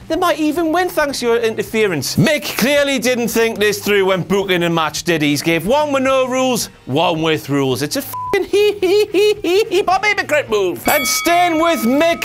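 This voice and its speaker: A man's voice: extremely high pitch, a bit bright. A man who hosts a comedic wrestling review, ranting with heavy swearing and sarcasm.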